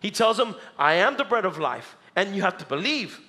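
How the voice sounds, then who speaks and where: A man preaching a sermon as pastor, animated, acting out the crowd and dropping low and soft for scripture. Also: normal speed. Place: church sanctuary.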